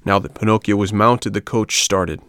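Low-voiced man reading a storybook. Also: fairly even intonation, moderate pace, fairly bright tone, no echo, clean studio sound. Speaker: audiobook narrator. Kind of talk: storybook narration.

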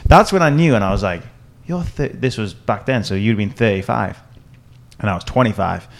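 Guy in his 30s hosting a podcast, lowish voice, animated storyteller, swears a lot. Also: moderate pace, creaky. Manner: animated storytelling, acts out quotes, swears, laughs often. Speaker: podcast host. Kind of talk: casual chat.

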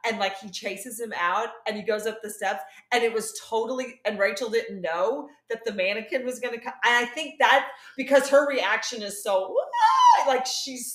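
A woman's voice: on the high side, moderate pace, few pauses, a bit bright. A woman chatting as a guest on a podcast, rambling and laughing, losing her train of thought. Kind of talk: casual chat. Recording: echoey room.

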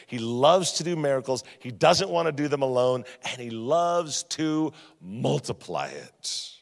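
A man preaching a sermon as a guest pastor, with repeated refrains and storytelling, jumping from loud punchy emphasis to quiet, low-spoken lines. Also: creaky. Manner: energetic preaching, swings between loud emphasis and quiet drops. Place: church sanctuary. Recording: long reverb of a church hall.

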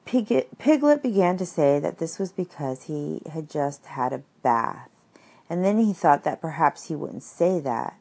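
A woman reading a children's story aloud, unhurried, with asides to the listener. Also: low-pitched, expressive, mellow, slightly rough.

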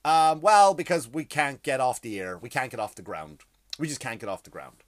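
A man's voice: mid-range voice, expressive, normal speed, no echo. Brief: a male comedian hosting a podcast, rambling and swearing, mid-range voice, dry close sound. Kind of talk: profane comedic monologue.

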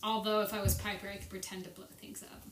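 A woman's voice: mid-range voice, level tone, fast, a little hiss or hum. A woman chatting animatedly and giggling with friends about cosplay. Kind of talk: casual chat. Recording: echoey room, distant mic.

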